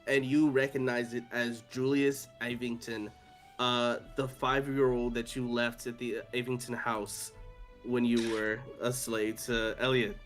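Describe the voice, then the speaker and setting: A man's voice: medium pitch, flat delivery, measured pace, a bit bright. A young man narrating as game master of a tabletop game, casual and full of fillers. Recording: faint music behind voice.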